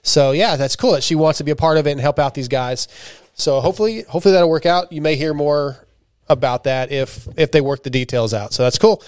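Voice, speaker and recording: Male podcast host, slightly high and clear-toned, dry close sound, loose joking delivery. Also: fairly quick, no room sound. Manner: loose, joking, swears casually. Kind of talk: casual chat.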